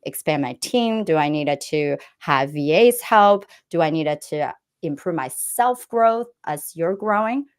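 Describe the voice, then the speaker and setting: A woman's voice: low-pitched, lively intonation, a little slow, few pauses, smooth. A woman giving earnest business advice as an interview guest, often checking in with "right?". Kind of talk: interview answers.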